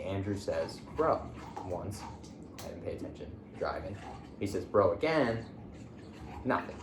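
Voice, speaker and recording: A man's voice: lowish voice, fairly bright tone, reverberant, slight background noise. A young man from the Philadelphia area casually telling a story as a podcast host, laid-back, with lots of fillers and restarts.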